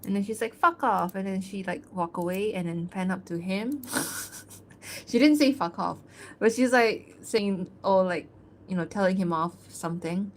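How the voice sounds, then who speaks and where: Give me a casual, mid-pitched woman chatting on an art stream over faint background ambience, loose and rambling. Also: moderate pace, a little mellow, a little hiss or hum. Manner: chatty and loose, full of "like" and small laughs; reads fan-fiction narration aloud. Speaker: artist streaming her work. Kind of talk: casual livestream chat.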